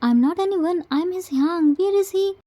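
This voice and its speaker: A woman's voice: extremely high pitch, normal speed, dark tone. A woman voicing a vain, dramatic grown man who complains theatrically.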